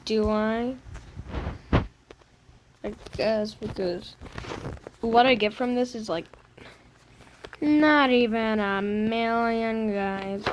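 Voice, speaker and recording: A woman's voice: a little high, very slow, long pauses, background noise. A woman giving casual gameplay commentary, playfully whiny and fake crying over bad loot. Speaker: gaming video creator.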